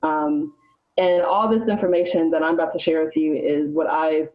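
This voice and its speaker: A woman's voice: deep voice, steady tone, normal speed. A woman from Alabama, a guest on a podcast, explaining history in a chatty, informal way. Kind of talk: casual podcast chat. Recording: slightly dull lo-fi sound.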